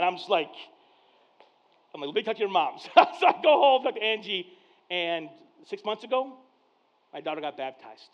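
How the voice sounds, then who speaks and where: A pastor of Mexican heritage with a rather high voice preaches from the pulpit at a church service, telling personal stories in a chatty way with lively intonation at a moderate pace. He acts out conversations and goes quiet before turning suddenly loud. The sound is dull, muffled, and lo-fi.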